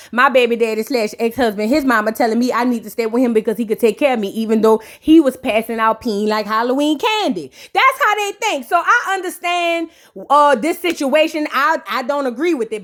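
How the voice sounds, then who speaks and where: A woman's voice: high-pitched, fairly bright tone. A woman giving a blunt, slang-filled recap of a reality show, acting out quotes as she goes. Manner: sassy, blunt, slangy, acts out the cast's quotes. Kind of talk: casual recap with commentary.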